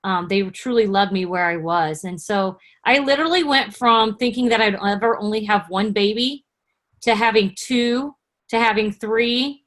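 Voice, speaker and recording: A woman's voice: medium pitch, moderate pace, fairly bright tone. A woman in her forties telling her personal story on a video call, in an earnest, conversational way. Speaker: guest speaker.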